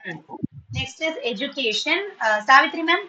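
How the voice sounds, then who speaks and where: A woman teacher with a bright, ringing tone pitched a little high. She is patient and encouraging, with frequent words of praise, and slips into when she explains something to her students. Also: lively intonation, brisk, dull audio. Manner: switches into Tamil when explaining. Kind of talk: online spoken English class.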